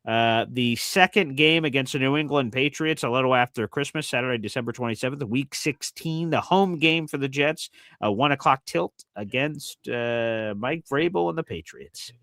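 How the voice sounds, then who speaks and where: A man co-hosting a casual sports podcast, his voice at an ordinary middle pitch and recorded close and dry with no room sound. He talks conversationally, hesitates often and restarts his sentences. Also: normal speed, hardly any pauses, a bit bright, dry recording. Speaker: co-host.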